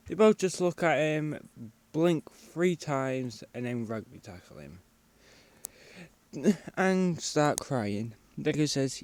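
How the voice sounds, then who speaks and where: Slow-talking man telling a story. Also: medium pitch, animated, no room sound. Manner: rambling, improvised storytelling with restarts. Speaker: fan storyteller. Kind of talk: casual spoken fan fiction.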